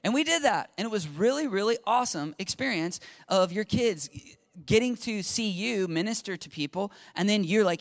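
Speaking at a normal pace with a high voice, a Christian speaker in his forties talks about faith and raising children. His sermon-like delivery is casual yet earnest and animated, with quotes performed as he goes.

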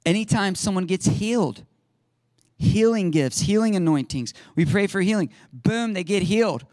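A male pastor preaching a sermon and telling stories in an animated, conversational way. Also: high-pitched, normal speed, no room sound, studio quality. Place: church sanctuary.

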